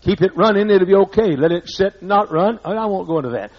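Husky Southern preacher, older man. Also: high voice, expressive, fairly quick. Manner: folksy, repetitive, preacherly emphasis. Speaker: pastor. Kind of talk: sermon. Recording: muffled lo-fi sermon recording.

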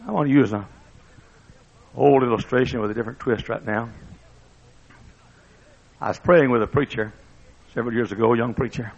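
A male preacher delivering a sermon in a dramatic style that booms and then drops to a hush. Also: fairly quick, gravelly, long pauses. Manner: dramatic preaching, booming one moment and hushed the next. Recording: dull lo-fi sermon recording.

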